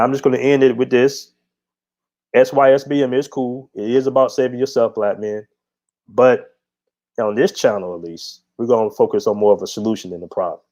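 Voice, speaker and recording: A man's voice: medium pitch, a little mellow. A middle-aged man hosting his own channel, telling a story in a casual monologue with a blunt, profane, laid-back manner. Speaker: channel host. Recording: dull lo-fi audio.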